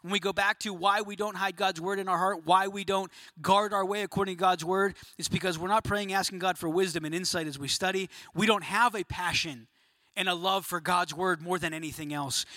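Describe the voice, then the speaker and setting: A pastor preaching to a room of men, emphatic and questioning, sometimes dropping to a quiet, low voice for emphasis. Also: male voice, steady tone, a little fast, no echo. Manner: emphatic, rising to near-shouting questions. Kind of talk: sermon. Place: room of about a hundred men.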